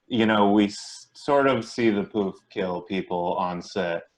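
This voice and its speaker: Lower-voiced relaxed male actor guest. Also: a little slow. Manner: relaxed, thinks aloud. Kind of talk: casual interview.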